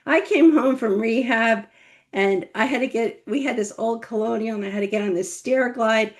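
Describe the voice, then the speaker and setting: A middle-aged woman with one paralyzed vocal cord, a memoir author telling her life story in an interview, animated and laughing. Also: a little high, normal speed. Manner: animated, laughing, acts out quoted voices.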